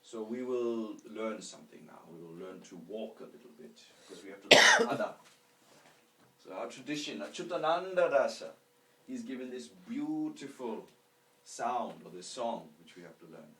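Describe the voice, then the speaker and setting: Distant echoey male teacher, lively voice. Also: mid-range voice. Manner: explains terms slowly, asks rhetorical questions. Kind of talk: spiritual lecture with call-and-response recitation.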